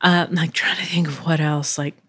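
A woman's voice: deep voice, fairly even intonation, a little fast, fairly bright tone, slightly rough, no echo, clean studio sound. A woman voice actor hosting a casual solo podcast from her living room, rambling with many fillers and swearing freely.

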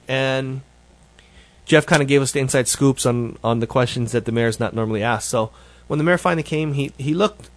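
A man's voice: mid-range voice, normal speed. A man hosting his show, giving a casual, rambling update that is full of self-corrections. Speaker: show host.

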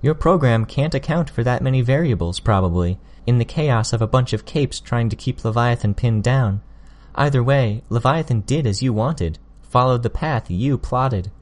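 A man voicing a sly, sharp-tongued teenage girl villain in an audiobook, smug and needling. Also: medium pitch, lively intonation, moderate pace, close to an everyday voice. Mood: accusing. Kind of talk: audiobook character voice.

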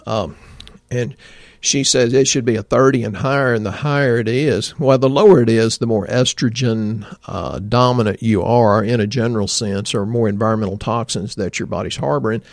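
A man's voice: mid-range voice, normal speed, creaky, dry recording, clean studio sound. A man hosting a health podcast, telling stories in a folksy way and talking straight to his listeners. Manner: folksy storyteller, addresses listeners directly. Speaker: podcast host and health practitioner.

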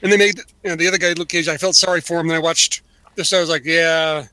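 A man's voice: on the high side, steady tone, rapid-fire, bright, forceful tone, dry recording. A man co-hosting a podcast, chatting casually and acting out quotes in mock voices. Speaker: podcast co-host. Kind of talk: casual chat.

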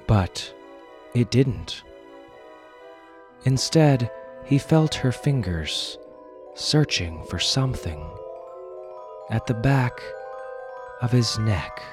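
A man's voice: on the low side, sing-song, very slow, pauses often, music in the background. A man hosting a fiction podcast who reads a dramatic story aloud expressively, then adds wry casual asides. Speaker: podcast host and story narrator.

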